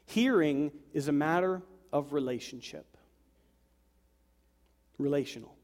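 A man in his thirties preaches from the pulpit with a high-pitched voice. His tone stays conversational, and he breaks off into joking asides to the congregation. The sound carries a long hall reverb. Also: measured pace, darkish tone. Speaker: pastor. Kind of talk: sermon. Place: church sanctuary with congregation.

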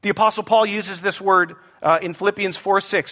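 A man preaching a sermon, with animated, playful asides to the congregation. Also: high-pitched, brisk, few pauses. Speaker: pastor. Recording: echoey hall with long reverb.

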